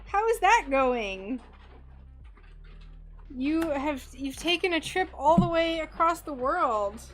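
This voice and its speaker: A woman's voice: high voice, very animated, slow, fairly bright tone. A woman chatting casually with viewers on a stained glass craft livestream, reacting to messages with a giggly, chatty manner from her workspace. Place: home craft workspace under bright lights.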